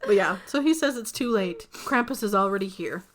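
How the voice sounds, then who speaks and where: A woman's voice: mid-range voice, expressive, brisk, crowd noise. A woman co-hosting a podcast, recapping a movie in a casual, filler-heavy way with some swearing. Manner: chatty, filler-heavy, profane, laughs easily. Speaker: podcast co-host.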